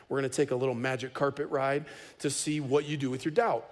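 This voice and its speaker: A man preaching a sermon as pastor, conversational and animated, with casual humor. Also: mid-range voice, brisk.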